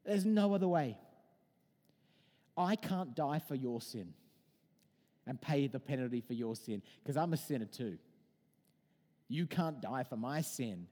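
A man in his thirties preaching a sermon in a conversational, animated way, mixing in personal stories. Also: medium pitch, measured pace, pauses often, big-room sound. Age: 30s.

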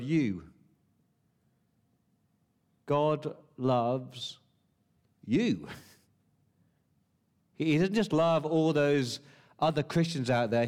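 A man's voice: a little high, a little mellow. A man preaching a sermon, stressing key words through repetition and asking the listeners rhetorical questions.

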